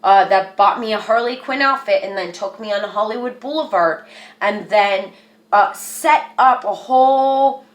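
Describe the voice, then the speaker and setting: A woman telling a personal story to camera in a rambling, earnest way, with lots of "like.". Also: mid-range voice. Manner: rambling, earnest, says "like" a lot. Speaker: vlogger. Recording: echoey room.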